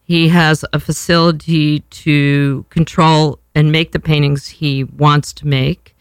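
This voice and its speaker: A woman's voice: sits low, level tone, slow pace, clean tone, no echo. A woman, hosting a casual talk show in a brash, rambling way, swearing freely. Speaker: podcast host.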